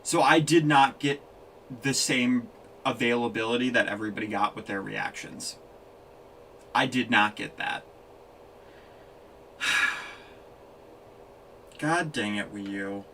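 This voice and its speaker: A man streaming a live reaction, excitable and ranting in exasperation. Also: medium pitch, takes it slowly, pauses often. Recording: distant mic with faint background noise.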